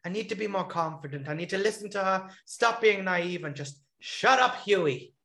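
A man's voice: high-pitched, lively intonation, moderate pace, creaky, sharp tone, pitched above the performer's own voice, heavily acted. A man voicing an insecure young male reality-show contestant who earnestly scolds himself. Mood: self-critical. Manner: self-critical, earnest.

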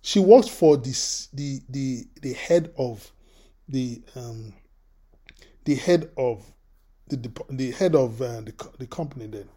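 A man preaching a sermon, telling a personal story in an animated way, often repeating his words. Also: medium pitch, takes it slowly, slightly rough. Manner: animated, repeats words, acts out quoted voices.

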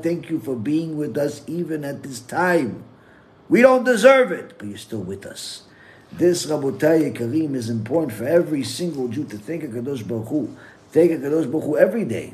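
A man preaching as a rabbi, reciting a psalm in fast Hebrew and then slowly in English, and telling a joke with lively put-on voices. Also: fairly high pitch. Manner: animated storytelling, acts out characters in a joke. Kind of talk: sermon.

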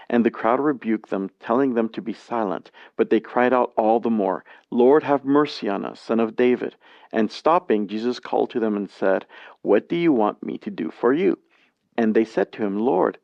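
A man teaching a Bible study lesson, reading scripture passages aloud and explaining them in a plain, measured way. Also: on the low side, gravelly, no echo. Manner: plain, measured reading with brief spoken asides. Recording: dry, dull lo-fi sound.

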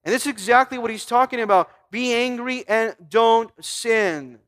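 A man's voice: very high-pitched, normal speed, a bit bright. A pastor preaching a sermon, asking his listeners questions and reading scripture aloud, with emphatic repeats. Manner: emphatic, with repeated stumbles and restarts.

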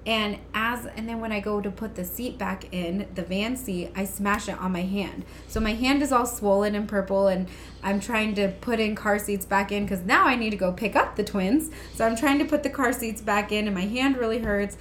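Woman, 30s, casual storyteller, lively and laughing, faint hiss behind. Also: mid-range voice, moderate pace. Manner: animated, laughing often. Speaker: guest.

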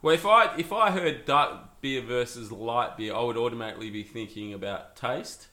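Bright-voiced chatty man. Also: mid-range voice, moderate pace, reverberant. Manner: chatty, laughs often, trails off into fillers. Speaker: podcast co-host. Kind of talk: casual chat.

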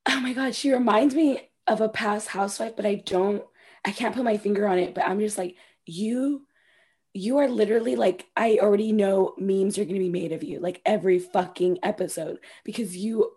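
A woman co-hosting a casual chat about reality TV, excitable and laughing often, with a slightly husky voice. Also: mid-range voice, moderate pace. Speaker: podcast co-host.

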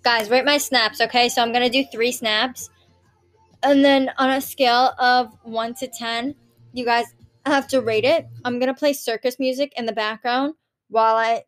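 A woman's voice: a little high, steady tone, moderate pace, fairly bright tone, soft background music. A young woman chatting casually to her viewers, rambling and swearing with giggles. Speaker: vlogger. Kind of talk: casual chat.

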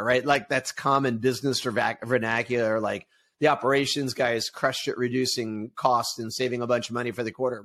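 A middle-aged man co-hosting a casual business chat, talking in an animated way and acting out sample ad voices. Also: medium pitch, brisk. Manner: animated, acts out ad voices, laughs easily. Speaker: podcast co-host.

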